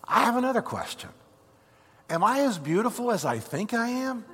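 A man's voice: very high voice, sing-song, moderate pace, fairly bright tone, slightly rough, in a large hall, pitched above the performer's own voice, heavily acted. A man voicing a newly redeemed thief who asks wondering, bewildered questions.

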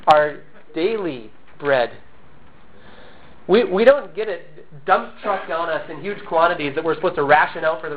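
A man preaching a sermon, earnest and emphatic, with self-deprecating humorous asides, still recovering from a cough. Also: a little high. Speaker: pastor. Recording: tinny phone-like sound.

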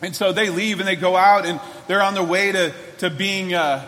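Bright-voiced pastor preaching in a church hall. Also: male voice, high voice, steady tone, normal speed. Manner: earnest, conversational preaching with many restarts. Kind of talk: sermon.

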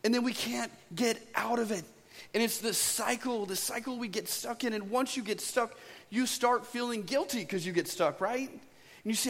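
A man's voice: sits high, normal speed, fairly bright tone. A man preaching a sermon as pastor, talking in a casual, storytelling way and often checking in with "right?". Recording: long hall reverb.

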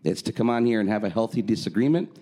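A man's voice: on the low side, quick pace, dark tone. A man co-hosting a casual podcast, talking loosely with fillers and easy laughter. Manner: conversational, frequent fillers, laughs easily. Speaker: podcast co-host.

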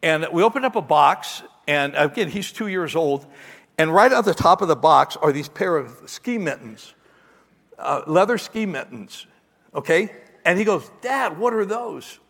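A middle-aged man, a pastor, telling a lively personal story in a sermon and acting out the voices. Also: on the high side, normal speed, big-room sound. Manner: animated storyteller, acts out voices, ends in quiet prayer.

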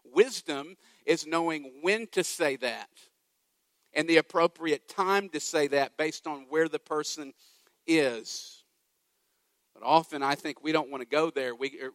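A man's voice: fairly high pitch, a bit bright, no echo. A man preaching a sermon as pastor, emphatic, with repeated lines and rhetorical questions.

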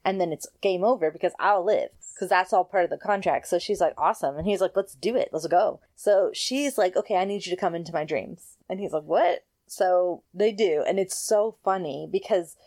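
Woman, low-ish voice, casual co-host, animated storyteller who slips into characters' lines. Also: a little fast, hardly any pauses. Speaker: podcast co-host. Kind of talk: casual recap chat. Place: home, dog nearby.

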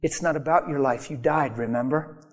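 A man preaching a sermon, telling a personal story with animated acted-out quotes. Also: on the high side, a little fast. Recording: long hall reverb.

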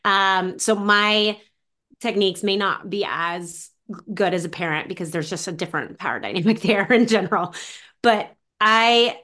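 A woman author being interviewed on a podcast, talking in an animated, casual way with many fillers and acted-out quotes. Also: medium pitch, normal speed. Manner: animated, acts out quoted voices, frequent "like". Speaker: author and mentor of teen girls, guest.

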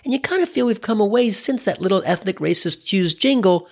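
A man's voice: high voice, animated, fairly quick, gravelly. A man in his sixties from the US Midwest, telling a wry, irreverent comedic story in a conversational way. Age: 60s.

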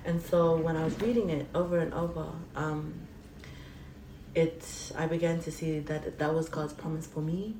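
A woman guest giving an earnest, halting faith testimony in an interview. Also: deep voice, flat delivery, warm tone. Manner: earnest, halting, tearful at times. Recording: roomy, distant, faint hiss.

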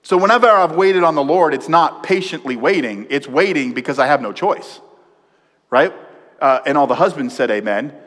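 A man preaching a sermon as pastor, animated, swinging from loud emphasis to hushed, quiet passages. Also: a little high, moderate pace. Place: church sanctuary. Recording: long hall reverb.

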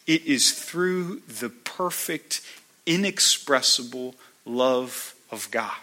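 A man preaching a sermon to a congregation, deliberate and emphatic, building through repeated phrases. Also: a little high, sharp tone. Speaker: pastor.

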